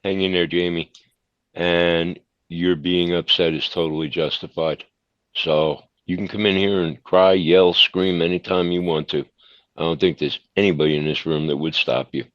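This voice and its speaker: A reassuring man speaks up in an audio chat room to support a speaker. His voice is very deep, dry and a little dull in sound. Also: steady tone, moderate pace, fairly bright tone, no room sound.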